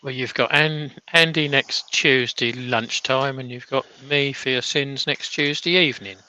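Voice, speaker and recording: A man's voice: mid-range voice, steady tone, a little slow, sharp tone, a little hiss or hum, rough recording. A man with a bad cough, co-hosting a live stream from an office, reading out viewer comments with chatty, teasing banter. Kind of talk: casual live-stream chat.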